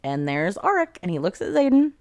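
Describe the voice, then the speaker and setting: A very animated book reviewer with a fairly low, slightly mellow voice talks a little fast as she recaps a fantasy novel. She's chatty, swears freely, and quotes characters with "she's like." The recording is dry.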